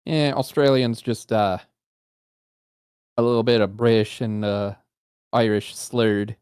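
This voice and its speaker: A man's voice: fairly low pitch, steady tone, slow, darkish tone, smooth, no room sound. Man joking around in dry voice chat. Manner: chatty, joking asides. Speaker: co-player. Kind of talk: casual gaming chat.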